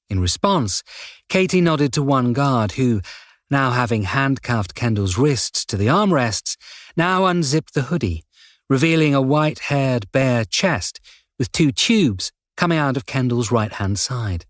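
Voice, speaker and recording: Male audiobook narrator, steady and measured, dry studio sound. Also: medium pitch, no echo. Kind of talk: scripted narration.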